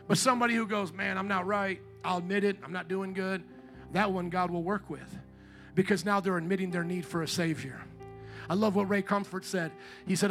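A man preaching from the pulpit in a high, bright voice, fervent and emphatic. He slows way down to lean on every scripture quote. A faint guitar plays quietly beneath him. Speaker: pastor. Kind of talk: sermon. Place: church sanctuary. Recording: faint guitar music behind.

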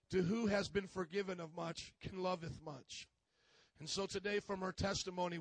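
A man preaching a sermon, slow and emphatic, building to shouts. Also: high voice, no echo.

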